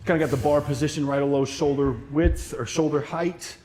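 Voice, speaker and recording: A man's voice: fairly high pitch, steady tone, brisk, darkish tone, slight background noise. A man hosting a livestream workout, casually explaining exercises and answering viewer questions with loose joking asides. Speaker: fitness coach hosting livestream.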